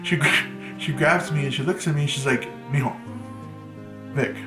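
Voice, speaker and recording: In a casual storytime vlog set in an echoey room with background music, a man with Mexican roots describes an episode from his teens. He talks fairly fast in a fairly high voice, chatting loosely and saying "like" a lot.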